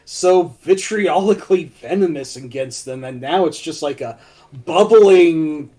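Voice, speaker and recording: A man's voice: fairly high pitch, expressive, measured pace, dark tone. A man co-hosting a casual podcast chat, wordy and playful, often quoting comedy lines. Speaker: podcast co-host.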